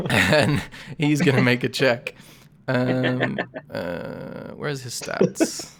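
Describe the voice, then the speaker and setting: A game master narrating a tabletop game, relaxed, with loose narration and easy laughter. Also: mid-range voice, slow, vocal fry.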